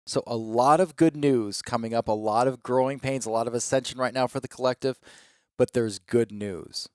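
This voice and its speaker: A man's voice: mid-range voice, fairly even intonation, a little fast, clean tone, no echo, studio quality. A man giving a spiritual reading, talking to listeners in a reassuring, repetitive, coaxing way.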